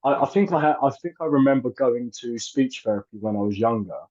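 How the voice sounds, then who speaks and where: A man in his thirties, an actor and filmmaker, appears as a guest in a casual interview, speaking hesitantly with lots of fillers and restarts. His medium-pitched voice is fast with a dark tone, on dull lo-fi audio.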